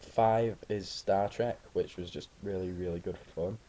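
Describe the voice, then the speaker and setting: Low mellow guy rambling through film stories, casual chat. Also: steady tone, unhurried. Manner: rambling anecdotal storytelling. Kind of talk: casual chat about films.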